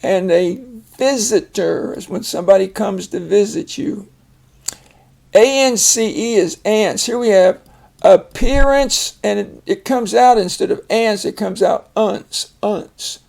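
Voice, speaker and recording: An older man teaching a phonics lesson, explaining each word slowly and patiently. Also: sits high, creaky, a little mellow. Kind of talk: casual reading lesson.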